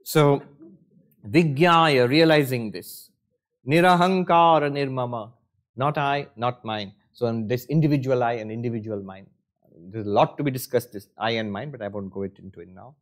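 A monk teaching at a retreat, giving a spiritual discourse in a lively, conversational way, with rhetorical questions and self-mocking humor. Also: male voice, medium pitch, normal speed.

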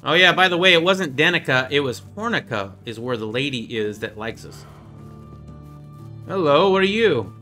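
A man chatting casually over his gameplay as host, playful and quick to joke at his own expense. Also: medium pitch, pushed and bright, faint music behind. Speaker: gaming video host.

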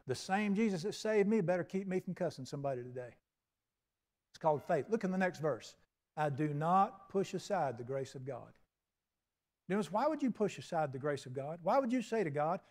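An older man preaching a sermon, folksy and storytelling, acting out little dialogues and swinging from soft to loud. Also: fairly high pitch. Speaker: pastor.

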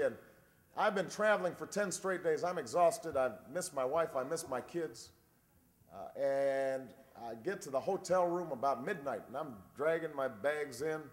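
Guy in his 40s doing a campaign speech, storytelling then shouting it up, big hall reverb. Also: a little high. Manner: wry storytelling that builds to a shouted rallying finish. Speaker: presidential candidate. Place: large convention hall.

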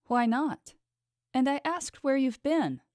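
A woman voicing a cold, suspicious and manipulative mistress in an audiobook, speaking in a smooth, probing tone. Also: sits high, big pitch swings, slow pace, dry recording, studio quality, voice pushed up, heavily acted. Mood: coldly probing. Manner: smooth, probing, quietly menacing. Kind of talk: audiobook character voice.

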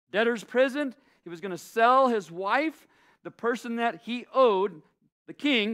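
A male pastor with a fairly high, fairly bright voice preaches a sermon. He delivers it passionately, piling up repeated phrases to drive his point home.

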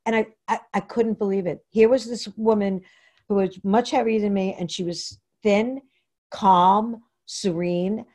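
Halting woman sharing her recovery story. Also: mid-range voice, fairly even intonation, a little mellow. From New York, Long Island. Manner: rambling, halting storytelling with many fillers and restarts. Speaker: recovery meeting speaker. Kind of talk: personal share at a Zoom meeting. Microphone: computer mic on a video call.

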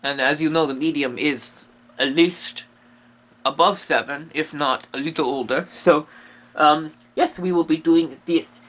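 A man's voice: a little high, unhurried, a bit bright. A man hosting a comedic monster explainer, rambling in a playful, goofy way full of silly asides. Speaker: comedic host playing a medium.

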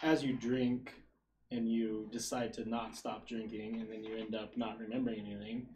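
A man's voice: lowish voice, level tone, normal speed, mellow, slight background noise. A young adult man on a podcast, telling a rambling, self-deprecating story to friends in casual chat and laughing through it. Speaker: podcast co-host.

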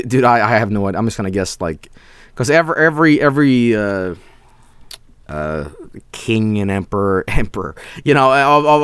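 A Swedish man, a native Swedish speaker from Sweden, streaming a game live with excitable, profane commentary and frequent laughter. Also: lowish voice, no echo, studio quality.

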